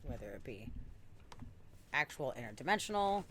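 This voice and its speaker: Low-voiced woman host, faint noise. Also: big pitch swings, normal speed. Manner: enthusiastic, reacts with swearing. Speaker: podcast host. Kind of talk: casual chat.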